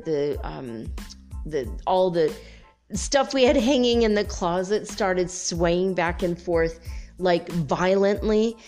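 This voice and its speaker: A woman hosting a spiritual podcast, telling a personal story in an animated, emotional way, often laughing. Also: lowish voice.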